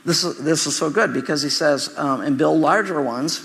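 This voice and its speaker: A man delivers a sermon in a chatty, wandering way, stopping for asides and repeating himself. His voice is slightly high, with a gravelly edge and a bright, forceful tone. The sound rings with the long reverb of a large hall. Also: normal speed. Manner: conversational preaching with asides and repeated words. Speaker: pastor.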